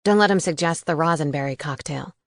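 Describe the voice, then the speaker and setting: A woman's voice: low voice, fairly quick, no echo, pitched below the performer's own voice. A woman narrator voicing an earnest young male angel who speaks plainly and a bit guarded.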